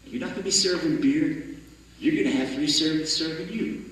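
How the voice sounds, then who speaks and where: A man voicing a boastful, smooth-talking suitor making big promises, in a story told in a hall. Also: on the high side, a little fast, a bit bright, slight background noise, natural voice. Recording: echoey hall, mic far off.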